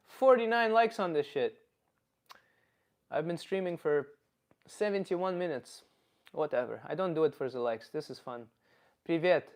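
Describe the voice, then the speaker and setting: A man from Canada, chatting casually and profanely on a live stream and reading viewers' messages aloud. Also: a little high. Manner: rambling, profane, reads chat aloud. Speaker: comedian streamer.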